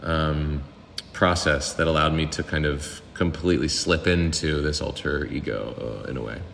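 Brief: very low-voiced male actor guest, loose chatty interview talk, reverberant sound. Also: moderate pace, gravelly, slight background noise. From Pittsburgh, US. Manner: relaxed, rambling, many fillers. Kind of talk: casual interview chat.

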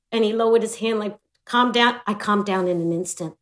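A woman's voice: medium pitch, brisk. A middle-aged woman, a show guest, telling a story in casual chat, laughing and acting out the voices.

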